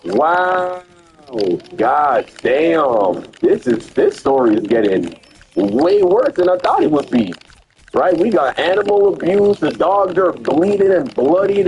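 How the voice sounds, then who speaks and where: A young man with a slightly high voice chats casually. He reacts to a friend's story and comments in blunt slang. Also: a little mellow, a little hiss or hum, low-quality recording. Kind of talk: casual chat.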